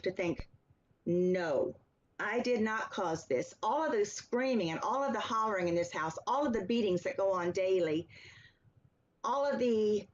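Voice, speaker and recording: An earnest woman speaks at a middle pitch, telling her story in a steady, deliberate way. The recording is a little dull and lo-fi, with the top end softened. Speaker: author and interview guest. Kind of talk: personal testimony in an interview. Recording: slightly dull, lo-fi sound.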